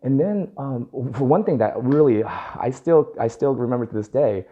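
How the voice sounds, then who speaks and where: Animated man telling a story. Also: mid-range voice, normal speed. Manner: animated storyteller, acting out dialogue, laughing often. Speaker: dog groomer and vlogger. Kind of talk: casual storytelling. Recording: dull lo-fi recording.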